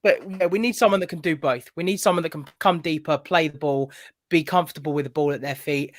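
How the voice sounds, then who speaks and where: A man co-hosting a football podcast, talking quickly and analytically about players. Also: on the high side, fairly even intonation. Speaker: podcast co-host. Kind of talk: casual football podcast chat.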